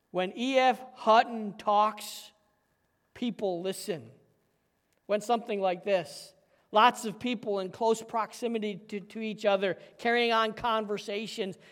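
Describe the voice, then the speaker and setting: In a large hall, a male pastor with a high voice delivers an emphatic, forceful sermon. For key points, he drops to a quiet, intense hush.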